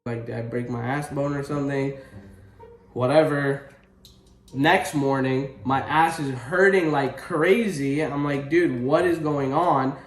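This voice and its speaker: A young man vlogging casually, telling a story with swearing and loud, animated exclamations. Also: mid-range voice, a little slow, echoey room. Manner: animated, swearing, rising to exclaims when retelling pain.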